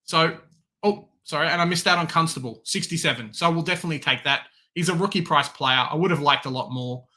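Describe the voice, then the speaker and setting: Animated Australian man, bright voice. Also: a little high, fast talker. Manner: animated, swings into loud excited outbursts and resigned mutters. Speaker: fantasy football podcast host. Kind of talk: casual sports chat.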